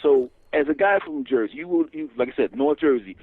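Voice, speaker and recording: A man, a comedian telling stories in an animated, profane way as a guest. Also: a little high, fairly quick, no echo. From Philadelphia area, USA. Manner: animated, swearing, laughs often, acts out dialogue. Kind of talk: casual storytelling interview. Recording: dull lo-fi radio recording.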